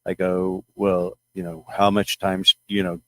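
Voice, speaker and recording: A middle-aged man telling a personal story to his followers in a rambling, halting way, with many restarts. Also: sits low, level tone, no echo. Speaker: channel host.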